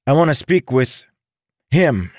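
A man's voice: medium pitch, sing-song, takes it slowly, no echo, studio quality, pitched above the performer's own voice. A man voicing an earnest young male adventurer who talks with insistent confidence. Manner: insistent, confident, a little conspiratorial.

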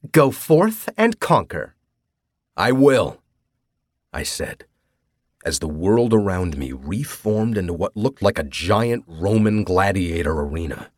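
A man narrates a first-person audiobook in a wry, casually profane manner. His low, husky voice swings widely in pitch. The recording is dry and close, with no room sound. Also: a little mellow, dry recording.

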